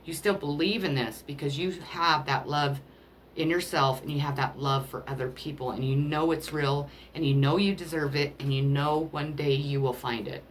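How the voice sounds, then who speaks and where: Emotional low-voiced woman reading oracle cards. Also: fairly even intonation, normal speed, slight background noise. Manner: emotional, apologetic, rambling. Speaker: tarot card reader. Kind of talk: spiritual card reading.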